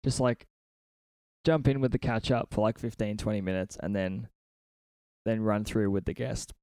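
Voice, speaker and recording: A man's voice: on the low side, normal speed, a little mellow, clean tone, no room sound, studio quality. Sweary man hosting a podcast. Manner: sweary, laughs often, rambling storyteller. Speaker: podcast host. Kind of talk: casual podcast chat. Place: a friend's house.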